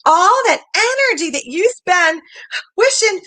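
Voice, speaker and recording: Animated high-voiced woman coaching on a livestream. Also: a little slow, no echo. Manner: animated, reads viewer comments aloud, acts out voices in quotes. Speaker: sales coach hosting a livestream.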